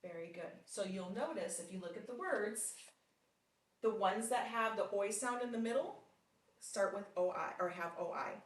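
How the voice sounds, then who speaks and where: Woman, phonics tutor, encouraging and deliberate; reverberant, distant recording. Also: medium pitch, lively intonation. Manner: patient, encouraging, with frequent praise; slow, deliberate sounding out of words. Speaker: phonics teacher. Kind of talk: one-on-one phonics lesson. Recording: roomy sound from off mic.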